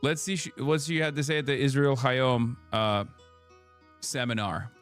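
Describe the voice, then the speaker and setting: A man's voice: medium pitch, fairly even intonation, normal speed, a bit bright, soft background music. A young man hosting a live political stream, casual and sarcastic, swearing often.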